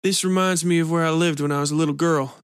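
A man voicing a woman who speaks softly and calmly with a menacing edge. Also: on the high side, fast talker, clear, resonant tone, no room sound, clean studio sound, voice pushed up, close to an everyday voice. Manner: soft and calm. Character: woman, calm, quietly menacing.

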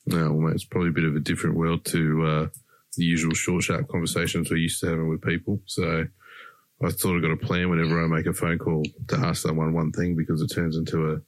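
Australian male podcast host, very low and monotone, dry close sound, relaxed mate-heavy chat. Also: fast, no echo. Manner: laid-back, says mate constantly. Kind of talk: casual interview chat.

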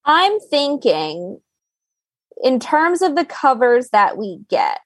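A woman's voice: high-pitched, very animated, slow pace, dry recording. A woman co-hosting a book podcast, chatting casually and hesitantly, with lots of fillers and giggles. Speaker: podcast co-host.

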